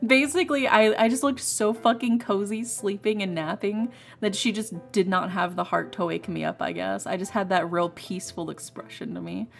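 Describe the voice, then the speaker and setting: Gravelly-voiced young woman telling a story. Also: medium pitch, normal speed, few pauses. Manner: rambling, animated, laughing, with repeated restarts. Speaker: streamer. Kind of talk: casual storytelling while playing a game.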